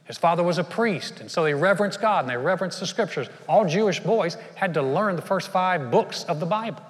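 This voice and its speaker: A man preaching a sermon as pastor, emphatic, moving between loud bursts and hushed lines. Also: high voice, lively intonation, fairly quick. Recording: long hall reverb.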